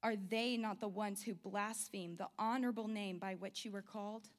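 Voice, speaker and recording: A woman reads a passage of scripture aloud at a middle pitch. Her delivery is measured and formal, giving each phrase its weight. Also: fairly even intonation. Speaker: scripture reader. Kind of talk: scripture reading.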